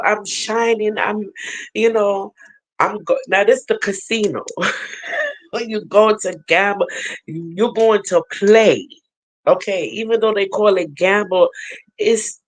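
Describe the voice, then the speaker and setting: A woman spiritual reader talking straight to her viewers at a slow, unhurried pace. She speaks earnestly and tells her story as she goes, laughing often along the way. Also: medium pitch, poor audio. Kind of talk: casual spiritual vlog talk.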